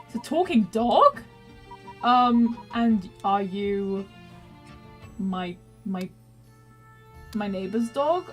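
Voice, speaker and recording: Young woman streamer, giggly, self-mocking, bouncy high voice, faint music in the back. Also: sing-song, takes it slowly, long pauses. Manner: giggly, self-mocking, reads game text aloud. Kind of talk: casual gaming commentary.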